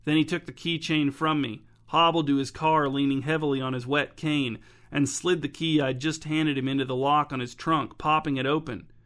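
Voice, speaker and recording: A man's voice: on the high side, steady tone, moderate pace, fairly bright tone, close to an everyday voice. A man voicing an earnest young woman who tells her story through tears. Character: tearful, grateful young woman.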